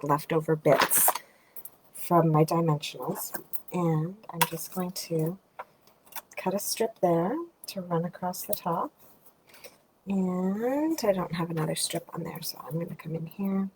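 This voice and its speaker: A woman with a lowish voice walks through a card-making project in a relaxed, chatty way, talking to herself as she trims and ties. Now and then she sinks into a quiet murmur. A faint hiss runs under her voice. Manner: chatty, thinking aloud while working, drifts into soft murmurs. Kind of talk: casual craft tutorial narration.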